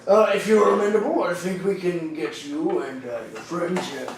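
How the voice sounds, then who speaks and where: A man's voice: high voice, moderate pace, slight background noise, close to an everyday voice. A man voicing a jovial, bored alien general who leads hunters, with a drawling, folksy Texan-tinged Sean Connery impression. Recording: echoey room, mic far off.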